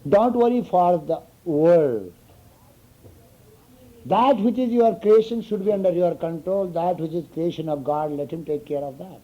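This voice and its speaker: On a dull, lo-fi recording, a man with a high-sitting voice speaks unhurriedly as a spiritual teacher. His talk to students is informal and full of stories and chuckles, and he keeps asking, "you understand?"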